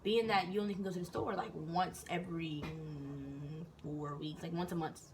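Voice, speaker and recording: A young woman vlogger telling a casual story in an animated way, swearing freely and acting out what people said. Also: sits low, moderate pace, noisy background.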